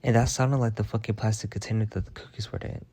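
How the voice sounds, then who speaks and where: Swearing all the way through, a man vlogs a workplace story as an angry, fed-up, casual rant. His fairly low, mellow voice stays flat in delivery even as he talks quickly.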